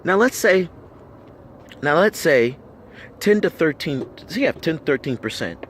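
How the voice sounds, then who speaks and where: Man ranting with lively, swinging pitch. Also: measured pace, a little hiss or hum. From United States. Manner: blunt, swears constantly, argumentative; rhetorical questions, repeats himself for emphasis. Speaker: vlogger. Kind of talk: heated profane rant to camera.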